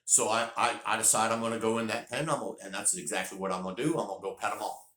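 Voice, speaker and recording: A man from North Carolina with a lowish voice rattles off a rambling, folksy vlog story at a very fast clip, repeating words when excited, in reverberant surroundings.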